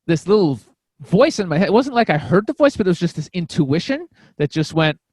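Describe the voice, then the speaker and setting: A comedian on a podcast telling a story in a casual, rambling way, full of fillers and restarts. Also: male voice, high voice, very animated, fairly quick, a little mellow, husky, no echo. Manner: acts out quoted voices.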